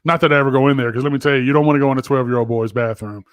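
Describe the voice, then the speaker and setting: A middle-aged man co-hosting a podcast from his home office, telling crude stories in an animated, swearing way. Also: mid-range voice, rapid-fire, smooth, dry recording. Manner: profane, animated storyteller. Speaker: podcast co-host. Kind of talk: casual chat.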